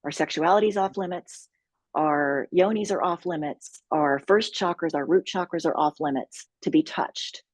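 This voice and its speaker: A low-pitched woman with a husky edge speaks calmly and earnestly as an interview guest. She takes her time, with measured pauses. The sound is close and dry. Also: no echo. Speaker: sexual healing retreat leader.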